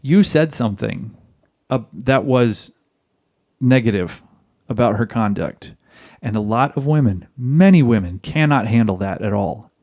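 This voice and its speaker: Man, podcast host, blunt lecturing tone, talks straight to the guys, mid pitch. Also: animated, measured pace, a little mellow. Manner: direct, lecturing, addresses listeners as guys. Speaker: podcast host giving marriage advice. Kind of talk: advice monologue.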